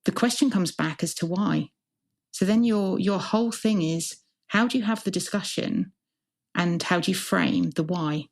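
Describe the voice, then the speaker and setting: This hospital chief information officer has a gravelly, fairly low voice and speaks at a normal speed. Her interview answers are earnest and reflective, structured as lists of points.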